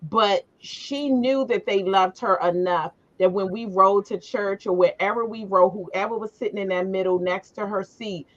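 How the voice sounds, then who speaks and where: A middle-aged woman talking casually and warmly about her family, like a mother reminiscing. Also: medium pitch, normal speed, few pauses. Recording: slightly dull, lo-fi sound.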